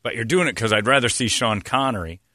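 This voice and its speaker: A man hosting casual studio banter, an animated storyteller who swings his pitch around. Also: fast, no echo. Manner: animated storyteller, jumpy pitch, mock voices.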